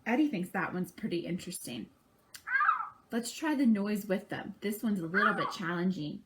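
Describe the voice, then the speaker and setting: A woman's voice: medium pitch, lively intonation, normal speed, very noisy. A woman reading a picture book aloud to children at a library, stopping to chat and imitate bird calls with them. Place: library program.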